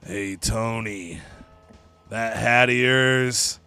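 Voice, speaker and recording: A man voicing a menacing veteran wrestler in a slow, low, taunting drawl. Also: pushed and bright, clean tone, soft background music, exaggerated voice.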